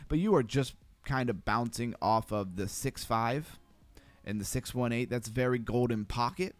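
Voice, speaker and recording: A man hosting a crypto livestream, talking fast and chatty as he walks through charts and greets viewers. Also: medium pitch, no echo. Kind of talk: casual livestream chart analysis.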